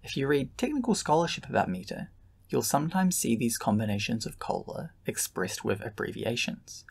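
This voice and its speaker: A man narrating a scripted lesson, with calm, measured explanation. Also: mid-range voice, gravelly, husky. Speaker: lecturer.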